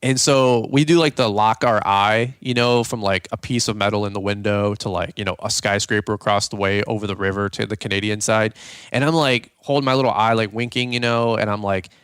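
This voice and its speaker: A young man hosting a podcast, telling a funny story in a casual, animated way and acting out the voices of the people in it. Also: on the low side, fairly quick, clear, resonant tone, dry recording, clean studio sound. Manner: animated, jokey, acts out quoted voices. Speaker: podcast host.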